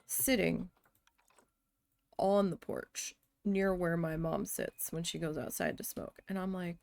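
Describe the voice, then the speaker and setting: Slow-talking woman venting while streaming. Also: fairly low pitch, steady tone, creaky, no echo. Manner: chatty venting with frequent swearing; mutters quietly to herself while building. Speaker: game streamer. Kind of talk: casual storytelling while playing a building game.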